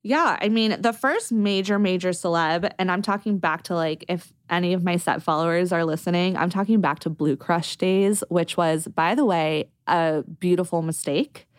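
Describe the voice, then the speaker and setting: A woman, a brand founder, telling stories in a casual podcast interview, animated and full of "like". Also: fairly low pitch, smooth, dry recording. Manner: animated, quick, lots of "like".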